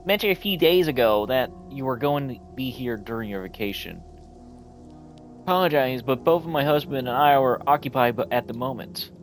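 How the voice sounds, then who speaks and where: A man voicing a guarded middle-aged woman on a farm, reading game dialogue in a high put-on voice. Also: animated, normal speed, faint music behind, natural voice. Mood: curt. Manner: high falsetto, curt and guarded.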